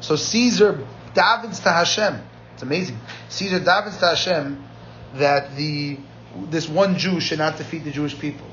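Lively man teaching a Talmud class. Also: fairly high pitch, normal speed, dull audio, a little hiss or hum. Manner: lively storyteller mixing Aramaic quotes with plain English. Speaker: Talmud lecturer.

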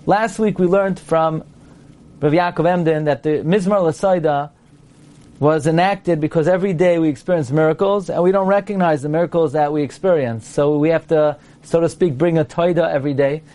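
A man's voice: a little high, moderate pace, dark tone. A man teaching a class on prayer and grammar, playful and quizzing, sounding out examples as he explains. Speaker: Torah teacher. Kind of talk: lecture to a class.

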